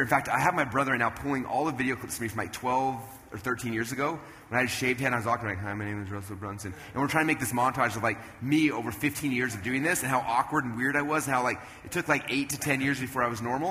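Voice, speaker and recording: A man in his thirties giving an energetic stage talk at a business event, telling animated stories and jumping into loud character voices. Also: mid-range voice. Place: event stage in a large hall. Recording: long hall reverb, faint room noise.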